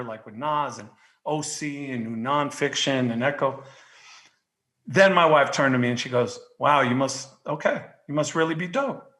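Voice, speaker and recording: A man in his fifties from Queens with a New York accent, telling stories in casual podcast chat, swearing freely and shouting when worked up. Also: medium pitch. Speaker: guest.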